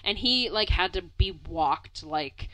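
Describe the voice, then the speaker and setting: A young woman tells a rambling story in casual chat, speaking slowly in a lowish voice. She's animated, packs in lots of "like" fillers, laughs often and swears now and then. The recording is rough.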